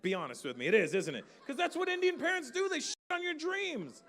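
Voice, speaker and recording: On stage at a big live venue, a middle-aged comedian from Canada swaps stories with the audience and curses liberally. He speaks at an extremely high pitch with big swings, a little fast, and his tone is sharp. Hall reverb and a faint ambient background come through.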